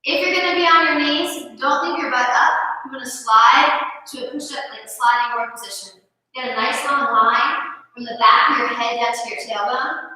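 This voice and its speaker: Woman, fitness instructor, upbeat rep counting, higher voice, distant mic, roomy sound. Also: normal speed, sharp tone. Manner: upbeat cueing, counting out reps. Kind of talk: guided workout instruction. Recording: echoey room from far off.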